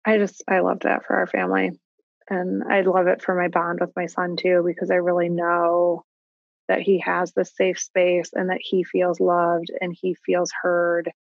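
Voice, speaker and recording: A woman in her thirties, a parent talking about her family in a casual conversation, thoughtful and halting, with frequent restarts. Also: fairly low pitch, vocal fry, dry recording, highs cut off. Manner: reflective, halting with restarts and likes. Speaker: guest parent.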